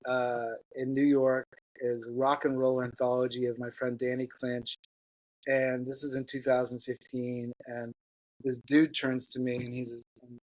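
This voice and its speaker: An earnest man tells a personal story as an interview guest. He speaks at a middle pitch, halting and restarting often. The sound is dry and close, with no room echo.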